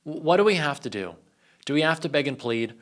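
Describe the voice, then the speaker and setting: A man's voice: fairly high pitch, lively intonation, brisk, a bit bright. A man delivering ranting political commentary, reading news excerpts aloud and then riffing on them in an exasperated, profane, casual way.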